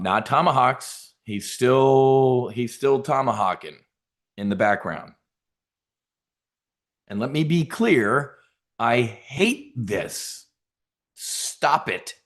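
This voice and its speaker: A middle-aged man hosting a trading show, giving blunt, profane, rambling live market commentary. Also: medium pitch.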